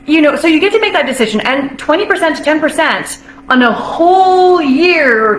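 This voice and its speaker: A high-voiced woman talks as a nutrition coach in a bubbly, upbeat way, laughing often and drawing out the words she wants to stress. The recording carries a noticeable room echo. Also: animated. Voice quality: bubbly, laughs often, drawn-out emphatic phrases. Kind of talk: casual motivational talk to camera.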